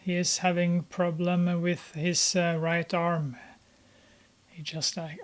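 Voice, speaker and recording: A film commentator talks through a movie as it plays, in an unhurried, casual way. The voice stays flat and even, with little rise or fall. Frequent pauses and fillers break up the thoughts. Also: medium pitch. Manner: hesitant, many filler pauses. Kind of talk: casual running commentary while watching a film.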